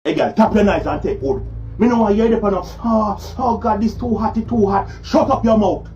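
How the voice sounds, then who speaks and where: A man's voice: sits high, a little fast, dark tone, highs cut off, natural voice. Ranting, crude Jamaican cartoon braggart played by a man, over music. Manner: ranting, crude patois monologue. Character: boastful, crude Jamaican man scolding a woman.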